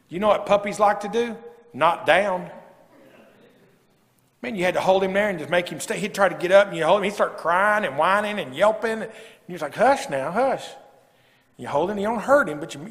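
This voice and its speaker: A man's voice: high-pitched, lively intonation, quick pace, vocal fry, a bit bright. A man preaching a sermon as a pastor, folksy and rising to emphatic preaching. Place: church sanctuary. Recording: long church reverb.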